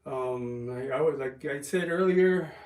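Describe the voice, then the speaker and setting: A man chatting casually on a livestream, rambling and halting with ums and restarts while resting an injured calf. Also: mid-range voice, a little mellow. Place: home, lifting weights while streaming. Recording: roomy, from a distance.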